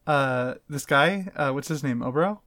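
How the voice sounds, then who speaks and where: A man with a dry, wry manner chats on a podcast and reads episode summaries in an even tone. The recording is close and dead, with no room sound. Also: medium pitch, moderate pace, no room sound. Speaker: podcast co-host. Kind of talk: casual chat and read summary.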